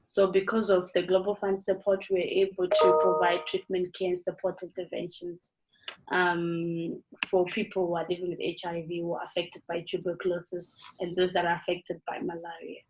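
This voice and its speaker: A woman advocate speaking as a guest over a video call, measured, with frequent pauses. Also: lowish voice, completely flat delivery, background noise. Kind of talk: webinar talk.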